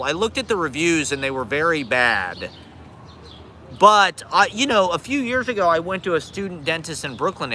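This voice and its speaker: Forty-something guy ranting on a phone live stream out on the street, swears a ton, sarcastic about himself, bright edgy voice. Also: a little high, slight background noise. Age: 40s. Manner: profane, rambling, sarcastic and self-deprecating. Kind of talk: casual live stream rant. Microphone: handheld phone.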